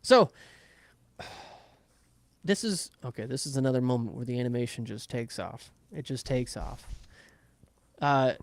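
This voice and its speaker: A man's voice: mid-range voice, a little slow, pauses often. A man casually recapping an anime episode, swearing freely and acting out characters' lines in playful asides. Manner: animated retelling with playful voiced asides. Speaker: podcast host recapping an anime.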